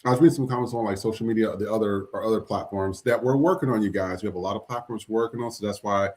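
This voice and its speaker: A man's voice: on the low side, quick pace, darkish tone. A man hosting a podcast in loose, laughing casual chat. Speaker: podcast host.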